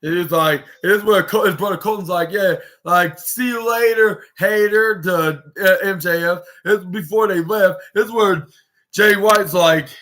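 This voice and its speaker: Man, podcast host, high voice, rambling casual recap, animated retelling. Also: moderate pace. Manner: rambling play-by-play with many restarts and fillers; animated, acts out quoted lines. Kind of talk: casual wrestling episode recap.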